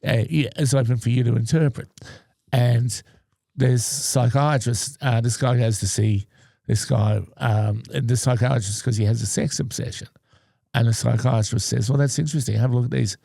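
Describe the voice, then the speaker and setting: A man's voice: medium pitch, steady tone, normal speed, creaky, mellow, dry recording. A man, co-hosting a podcast in a casual chat and telling stories with dry humour. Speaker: podcast co-host. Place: podcast studio.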